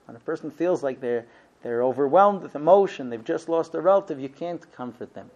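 A man's voice: a little high, animated, brisk, a little mellow. A man giving a Torah lesson, telling a story with many ums and uhs. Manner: hesitant, frequent ums and uhs. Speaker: Torah teacher. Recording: dull lo-fi recording.

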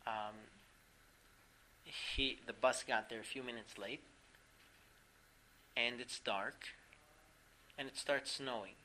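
A man teaching a class through a story, animated, laughing often and filling pauses with "um". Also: mid-range voice, a little hiss or hum, poor audio. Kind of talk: storytelling lesson.

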